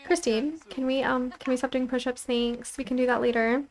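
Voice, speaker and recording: A young woman casually commentating her life-sim let's play, chatty and full of "like" fillers. Her voice sits a little higher than most women's. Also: fairly even intonation, moderate pace. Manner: chatty, lots of "like" fillers, giggly.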